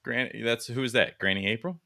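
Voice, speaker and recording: A man from West Virginia co-hosting a podcast, telling stories in animated casual chat, full of fillers and laughs. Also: medium pitch, fairly quick, creaky, a crowd in the background. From West Virginia, USA. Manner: animated storytelling, laughs often, lots of "like" fillers. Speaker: podcast co-host.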